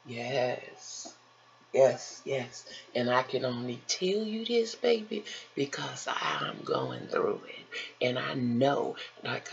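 An older woman talks to her viewers slowly and tenderly, like a mother comforting her children. Her voice has a heavy gravelly fry. The home recording sounds dull and lo-fi, with a faint hiss behind it. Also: a bass voice. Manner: slow, soothing, motherly, calls listeners baby and honey. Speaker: vlogger. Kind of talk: encouraging vlog talk.

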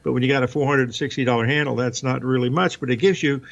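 A man's voice: medium pitch, fairly even intonation, fast, creaky. A man speaking as a trading guest on a radio show, easygoing and full of fillers. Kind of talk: radio interview. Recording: dull lo-fi line.

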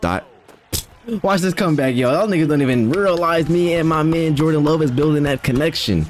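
A young man giving casual, excitable commentary while playing a video game, trash-talking and exclaiming as he plays. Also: fairly high pitch, fairly quick, soft background music. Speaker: gamer. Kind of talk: live gameplay commentary.

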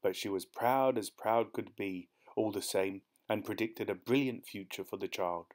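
Measured man reading a story. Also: lowish voice, a little mellow. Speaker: audiobook narrator. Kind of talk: scripted audiobook narration.

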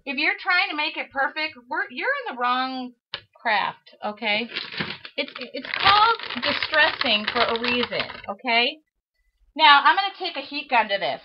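A woman's voice: high voice, animated, normal speed. A middle-aged woman leading a live craft tutorial, chatty and self-mocking as she talks herself through the work. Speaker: craft demonstrator. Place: craft studio. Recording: dull lo-fi livestream audio with faint hiss.

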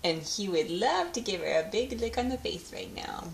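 Her medium-pitched voice swings hugely in pitch at a moderate pace and carries vocal fry. She's at home recording her baby's feeding, chatting to the baby and dog in a laughing, sing-song baby voice, with echo and faint noise in the room.

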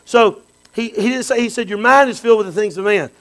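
A man preaching a sermon, animated, dropping to quiet asides and rising to shouts. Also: high voice, fast, poor audio. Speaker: pastor.

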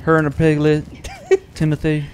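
A man's voice: on the high side, normal speed, a little hiss or hum. A man co-hosting a gaming video, telling absurd jokes in a dry way and laughing often. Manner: joking, deadpan absurd storytelling, laughs often. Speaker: gaming co-host. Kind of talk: casual let's-play commentary.

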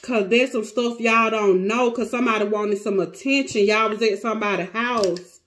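Near tears, a tarot reader talks dramatically to her cards and her viewers during a casual, emotional reading. She sounds a little high and a bit bright, speaking at a normal speed. There's a slight hiss or hum in the background.

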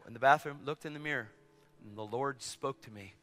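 A man preaching a storytelling sermon in a church or event hall, animated and swinging from hushed asides to shouts. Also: mid-range voice, fairly quick. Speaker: evangelist preacher. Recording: echoey hall with faint music.

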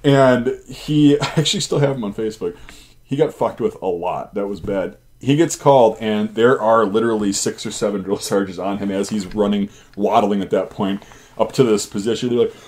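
A man's voice: lowish voice, normal speed, a little mellow. A man hosting his channel, casually telling army stories in a rambling, profane way. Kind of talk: casual storytelling.

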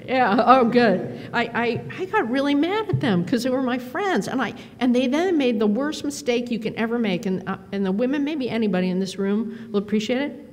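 Woman telling animated stories in a hall. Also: moderate pace. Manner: animated, self-deprecating anecdotes with quoted dialogue. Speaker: conference speaker. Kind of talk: storytelling keynote speech. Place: large conference hall. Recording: reverberant hall with faint rumble.

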